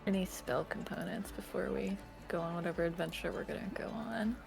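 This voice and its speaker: A woman's voice: on the low side, brisk, vocal fry, over music. A woman playing a tabletop game, asking blunt, teasing questions. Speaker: player.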